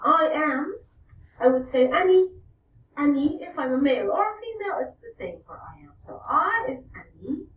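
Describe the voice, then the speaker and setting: A woman explaining Hebrew pronouns in a recorded language lesson, playful and amused by the word quirks. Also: high-pitched. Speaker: Hebrew teacher. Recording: muffled, distant, echoey replayed audio.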